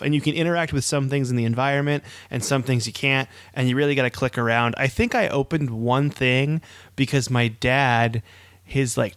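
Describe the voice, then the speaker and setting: A man's voice: mid-range voice, no echo. A man co-hosting a podcast, chatting casually with many fillers. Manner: chatty, full of fillers and reminiscing. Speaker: podcast co-host. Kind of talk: casual chat.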